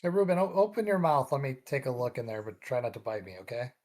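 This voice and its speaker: A careful, inquisitive adventurer with a medium-pitched voice, asking questions and checking on his companion. A man voices him in a tabletop game. He speaks at an even, ordinary pace. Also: fast talker, lightly acted.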